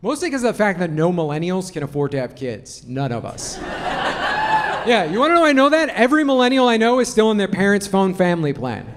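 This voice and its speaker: Male stand-up comic, brash storyteller, high and animated, noisy club recording. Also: a little fast. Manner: brash, profane, punchy storytelling. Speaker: stand-up comedian. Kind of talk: stand-up comedy set. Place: comedy club stage before a laughing audience. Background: audience laughter.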